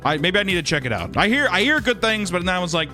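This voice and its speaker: A man's voice: high-pitched, very animated, fast, bright, forceful tone, soft background music. A man chatting casually on a live stream while drawing, rambling and joking with crude humor.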